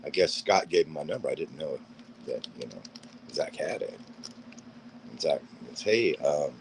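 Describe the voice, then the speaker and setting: A man's voice: rumbling low, lively intonation, normal speed, noisy background. A middle-aged man, a paranormal gear builder, telling rambling anecdotes as a guest on a video call and acting out each line of dialogue. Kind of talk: casual storytelling interview.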